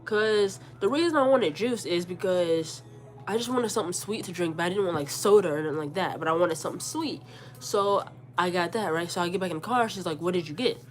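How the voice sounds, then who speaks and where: With faint music behind her, a congested woman in her forties talks briskly in a fairly low voice. Her storytime vlog is an animated account of an argument in which she quotes both herself and her mother, often repeating words.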